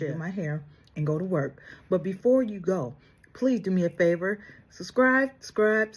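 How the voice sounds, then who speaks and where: A woman with a husky, damaged voice, talking casually through a makeup tutorial and pushing herself to speak up. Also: medium pitch. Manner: soft-spoken, pushes herself to speak louder. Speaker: makeup vlogger.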